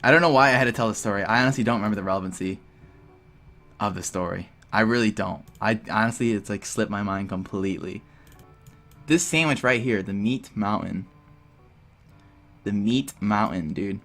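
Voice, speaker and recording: A young man telling a story in a casual vlog, animated and rambling, full of "like" and "dude". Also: fairly low pitch, moderate pace, long pauses, faint music behind. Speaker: vlogger.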